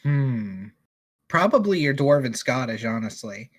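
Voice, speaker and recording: A man co-hosting a relaxed late-night podcast, cracking dry jokes at an easy pace. His voice has an ordinary mid pitch for a man. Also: unhurried. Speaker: podcast co-host. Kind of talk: casual late-night chat.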